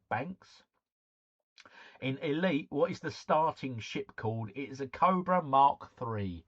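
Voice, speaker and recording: A man's voice: medium pitch, muffled recording. A man hosting a live stream. He reads out quiz answers, repeats each one, and chats with viewers in a jokey way.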